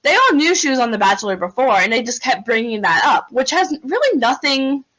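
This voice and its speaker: A woman co-hosting a podcast, talking fast and with animation in casual chat, saying "like" often. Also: sits high, sing-song, a bit bright, low-quality recording. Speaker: podcast co-host.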